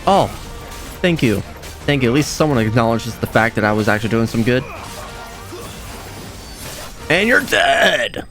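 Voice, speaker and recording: A young man giving casual, excitable gameplay commentary, laughing often and exclaiming at the game. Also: medium pitch, fairly quick, faint music behind. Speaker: let's play gamer.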